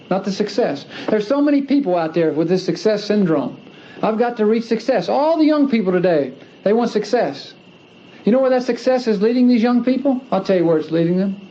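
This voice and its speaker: A man's voice: high voice, dark tone. Earnest man giving testimony, lo-fi archive. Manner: earnest, emphatic, repeats phrases for stress. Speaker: speaker giving a religious testimony. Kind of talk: personal testimony speech. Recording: dull lo-fi archive recording with faint hiss.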